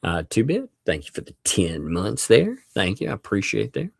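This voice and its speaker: Man, livestream host, very deep voice, gravelly, lively pitch, dry close sound, casual rambling thank-yous, chuckles often. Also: moderate pace, dry recording. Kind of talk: casual live stream chat.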